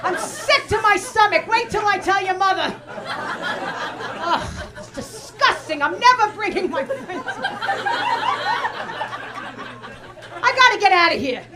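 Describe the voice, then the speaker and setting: A shrill, furious old grandmother scolds at the top of her voice, her pitch leaping high and swinging wildly as she nags, put on by a woman comedian. It is recorded live in a club, with loud crowd laughter and noise behind. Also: lively intonation, measured pace. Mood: disgusted. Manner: shrill, shouting, nagging.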